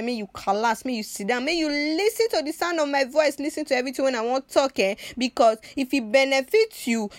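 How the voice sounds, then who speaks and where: A woman with a Nigerian Pidgin accent hosting a health talk, animated and preachy, with lots of "eh" and "oh" tags. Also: high-pitched, no echo. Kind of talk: casual scripted talk in Pidgin.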